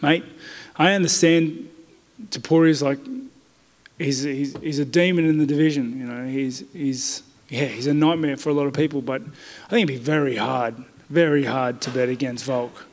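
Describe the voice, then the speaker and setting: A man's voice: mid-range voice, steady tone, normal speed. A man with an Australian accent answering reporters at a media day, blunt and laid-back, often saying mate. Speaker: fighter interviewed by press. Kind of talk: casual press interview. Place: media day press area indoors. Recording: reverberant media room.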